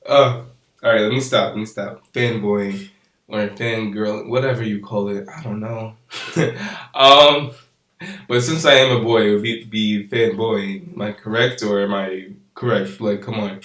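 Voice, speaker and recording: A man's voice: on the low side, fairly even intonation, a little slow, a bit bright. Young man, casual anime recap, rambling, fillers, laughing, echoey room. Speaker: anime reviewer.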